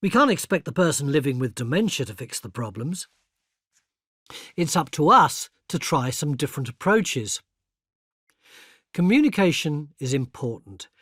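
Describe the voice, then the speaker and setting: An older man narrating a scripted educational video, explaining patiently and clearly and speaking example phrases kindly. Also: fairly high pitch, very animated, moderate pace, a bit bright, no room sound, clean studio sound. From England. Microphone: close studio mic.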